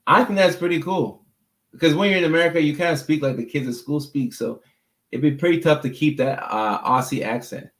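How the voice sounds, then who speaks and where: A man's voice: a little high, a little fast, a bit bright, roomy sound. A man hosting a casual livestream as a mental health clinician, answering viewer comments in an easygoing, talkative way and often repeating words as he thinks.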